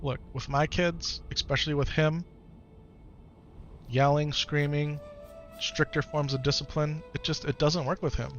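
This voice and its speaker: A streamer and father in his thirties with an American accent chats casually on a live stream from home, gentle and patient with his child yet lively with his chat. His voice sits on the high side at a measured pace, with dull audio over music.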